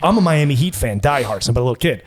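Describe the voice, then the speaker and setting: A man telling crude, animated stories as a guest on a casual podcast. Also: medium pitch, rapid-fire, breathy edge.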